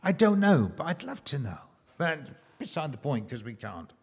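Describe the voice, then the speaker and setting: A man preaching a sermon, slow and emphatic, with dramatic pauses and rhetorical questions. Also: fairly high pitch, very animated.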